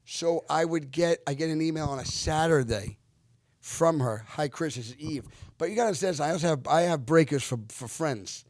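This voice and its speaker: Man, 50s, actor guest, animated and earnest storyteller, slightly high voice, dry close-mic sound. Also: brisk, no echo. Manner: animated, lively retelling with acted-out quotes; earnest, reflective when giving life lessons. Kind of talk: casual storytelling interview.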